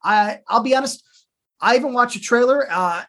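A co-host in casual chat, talking in an animated way with stammering restarts. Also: medium pitch, normal speed.

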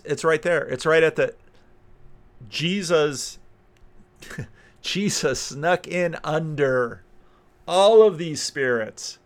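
Minister guy musing on video, fry in his voice, restarts and repeats a lot. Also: mid-range voice, fairly bright tone. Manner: thinks aloud, repeats words and phrases. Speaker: Christian minister. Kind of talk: reflective video commentary.

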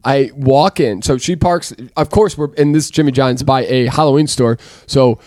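A man co-hosting a casual podcast chat, telling stories in an animated, exasperated way. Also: mid-range voice, normal speed, no room sound, clean studio sound. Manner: animated storyteller, exasperated rants. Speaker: podcast co-host.

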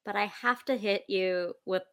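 A woman's voice: mid-range voice, fairly even intonation, measured pace, fairly bright tone. A woman hosting a podcast interview, playful and wry. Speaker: podcast host. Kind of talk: casual interview talk.

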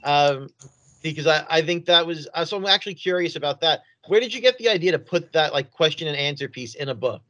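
A man's voice: a little high, expressive, brisk, bright, forceful tone, no echo, lo-fi sound. A man co-hosting a podcast, telling a casual anecdote with easy laughs. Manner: easygoing anecdote teller, laughs at his own stories. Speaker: podcast co-host.

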